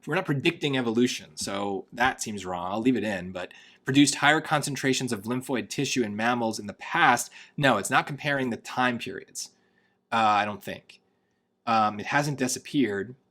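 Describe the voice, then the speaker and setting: A man tutoring for a test, reading passages quickly and then musing half to himself as he works through the answer choices. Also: medium pitch, a bit bright. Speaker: SAT tutor. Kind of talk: thinking aloud while solving test questions.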